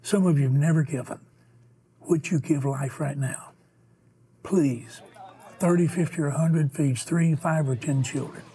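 A man hosting a ministry broadcast, telling a story and earnestly pleading for donations, sometimes dropping to a soft near-whisper. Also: fairly high pitch, measured pace. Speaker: ministry host making a donation appeal. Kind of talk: earnest fundraising appeal and storytelling.

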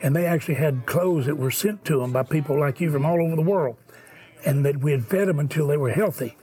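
Male host, husky voice, earnest heartfelt donation appeal. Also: on the high side, a little fast. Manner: pleading, heartfelt, drops to soft near-whispers. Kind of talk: earnest fundraising appeal and storytelling.

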